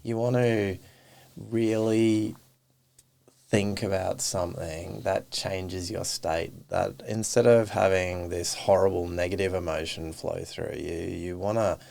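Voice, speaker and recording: A podcast guest with a deep voice and vocal fry talks slowly in a casual interview chat. He's animated, telling stories and acting out bits of the quoted dialogue.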